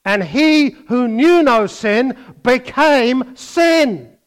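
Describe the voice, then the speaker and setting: Animated older male preacher. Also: very high voice, extremely slow. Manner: animated, mimics voices, swings between loud bursts and quiet asides. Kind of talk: sermon.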